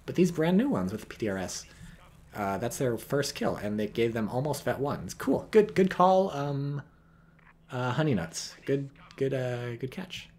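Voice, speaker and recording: A man's voice: medium pitch, expressive, measured pace, a little mellow. A man commentating a strategy game on a live stream, joking and rambling while reading out chat.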